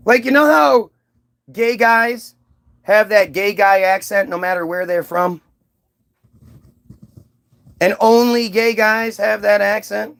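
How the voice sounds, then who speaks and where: A man's voice: high voice, gravelly, a bit bright. A man delivering a casual monologue, rambling, profane and mocking, with frequent asides and restarts. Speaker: commentator.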